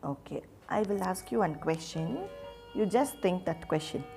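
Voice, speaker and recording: A woman's voice: fairly low pitch, lively intonation, creaky, mellow, soft background music. A woman teaching a literature lesson, asking questions and answering them herself, often repeating words and restarting phrases. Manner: slow, repeats names and restarts phrases while explaining.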